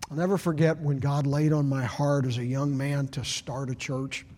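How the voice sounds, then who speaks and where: Preacher in a reverberant church hall. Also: male voice, medium pitch, flat delivery, moderate pace, few pauses. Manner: dramatic swings from shouting to whispering. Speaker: pastor. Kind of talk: sermon. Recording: long reverb of a large hall.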